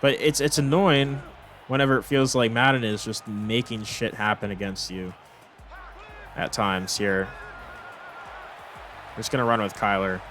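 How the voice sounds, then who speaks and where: A man's voice: fairly low pitch, steady tone, unhurried, pauses often, over music. A young man commentating his own football video game, exasperated and swearing as he rambles through complaints. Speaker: gaming commentator. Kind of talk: frustrated gameplay commentary.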